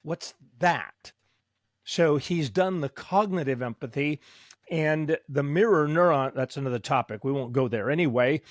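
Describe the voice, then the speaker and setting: A man's voice: a little high, normal speed, dry recording. Talkative man with a dry, close sound. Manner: digressive, animated, pushes back. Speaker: host, psychologist. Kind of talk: conversational discussion.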